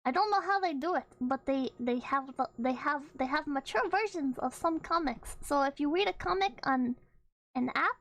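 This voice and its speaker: A woman's voice: sits high, lively intonation, moderate pace, a bit bright, low-quality recording. A young woman streamer chatting casually and playfully, rambling with restarts and freely swearing. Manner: playful, laughs often. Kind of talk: casual livestream chat.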